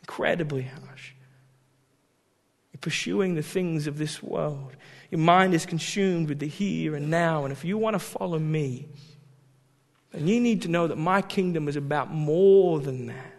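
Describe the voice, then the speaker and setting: A man preaching a sermon as a pastor, talking in an animated way that swings from loud emphasis to quiet asides. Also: on the high side, measured pace, big-room sound.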